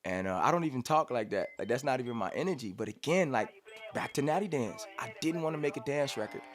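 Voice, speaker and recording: Talking fast with faint music behind him, a medium-pitched rapper guest in his thirties from Cincinnati, USA shares stories casually in a studio interview. He's an animated storyteller who acts out quotes and hums beats.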